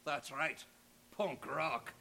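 An actor playing a boastful, goofy male Scottish rapper with a put-on Scottish accent in a stage skit, gravelly and husky. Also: fairly high pitch, drawn-out words, pushed and bright, full character voice. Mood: boastful hype.

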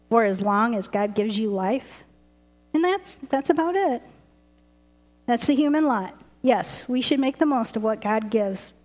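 A woman preaching a lively, chatty sermon, laughing often. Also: fairly high pitch. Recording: roomy hall reverb.

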